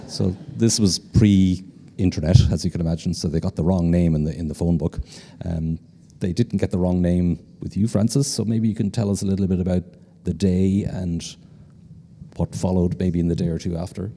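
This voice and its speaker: A man's voice: low-pitched, steady tone, normal speed, warm tone. An Irish man with a genial manner, hosting an onstage conversation and leading into questions with an anecdote. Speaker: host. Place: lecture hall. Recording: long hall reverb.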